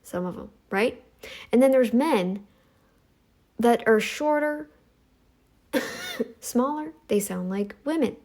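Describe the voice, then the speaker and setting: Slow, sassy woman scolding her critics. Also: sing-song, darkish tone. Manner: sassy, scolding, mocks others in high voices. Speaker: commentary channel host. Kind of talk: reaction commentary monologue.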